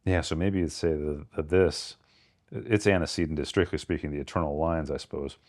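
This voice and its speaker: A man co-hosting a podcast, thinking aloud about poems and reading lines of verse slowly with careful stress. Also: very deep voice, steady tone, darkish tone. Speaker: podcast co-host. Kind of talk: casual literary discussion.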